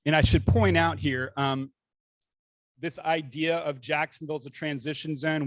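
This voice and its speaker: A man's voice: a little high, dry recording. A younger man with a faint Northeast Florida Southern accent, giving a conversational slide lecture to a club and asking for the next slides. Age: young adult. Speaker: guest speaker.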